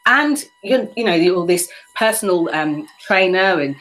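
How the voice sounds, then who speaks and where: A woman's voice: on the low side, expressive, measured pace, a bit bright, low-quality recording. Reflective woman hosting a podcast. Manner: reflective, storytelling. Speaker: podcast host. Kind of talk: conversational interview.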